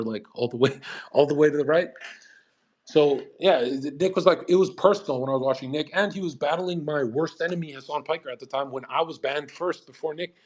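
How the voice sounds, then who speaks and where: A man hosting a live stream, talking casually in a brash, profane, animated rant. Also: a little high. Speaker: streamer host.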